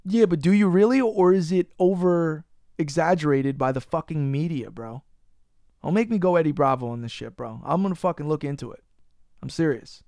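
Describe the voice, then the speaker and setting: A man's voice: on the high side, normal speed, mellow, dry recording. A man hosting a casual podcast. He rants, swears freely and teases his co-host. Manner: profane, ranting, teasing his co-host.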